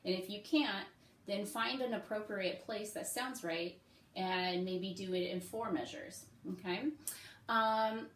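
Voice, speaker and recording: A woman who teaches music, giving step-by-step practice advice in a relaxed, friendly way with frequent ums and okays. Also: mid-range voice, takes it slowly, roomy sound, a little hiss or hum. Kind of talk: casual instructional talk.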